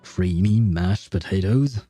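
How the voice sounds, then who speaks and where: A man's voice: low voice, slow, mellow, husky, faint music behind, pitched below the performer's own voice, heavily acted. A man voicing a stern, contemptuous female coach in a video game. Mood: scolding. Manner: scolding, contemptuous.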